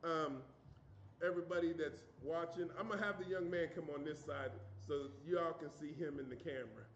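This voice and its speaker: A man's voice: on the high side, normal speed, slight background noise. A man hosting a livestream, delivering an angry, profane, emphatic rant. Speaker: livestream host. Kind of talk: heated opinion rant. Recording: roomy, dull sound.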